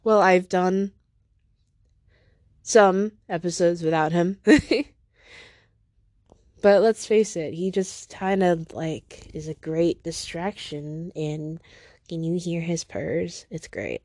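A woman's voice: fairly low pitch, slow, pauses often, a little mellow, no room sound, studio quality. A woman hosting her own podcast in a casual, rambling solo monologue from home, teary after crying, self-deprecating and stopping to talk to her cat. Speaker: podcast host.

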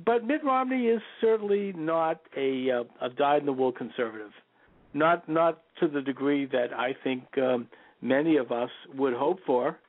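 A male radio talk show host giving a political commentary monologue, opinionated, stressing names with jumps in pitch and leaning on "you know" fillers. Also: moderate pace, dry recording. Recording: tinny phone-like line, dry.

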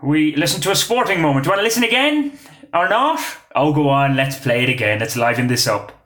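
A man hosts a casual quiz podcast, cracking jokes between questions with chatty asides and frequent "uh" fillers. His voice is on the high side with lively intonation, fairly quick and a bit bright, in a reverberant phone recording.

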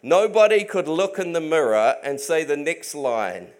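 A man's voice: a little high, big pitch swings, a little slow. A man preaching a sermon in an earnest, emphatic way, often restarting his sentences.

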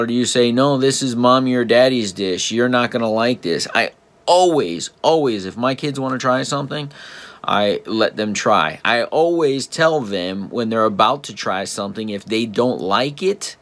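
A man's voice: medium pitch, expressive, moderate pace, fairly bright tone. A man hosting a podcast, telling a casual story about parenting and talking straight to his listeners with rhetorical questions. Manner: repeats and restarts words. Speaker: podcast host and father.

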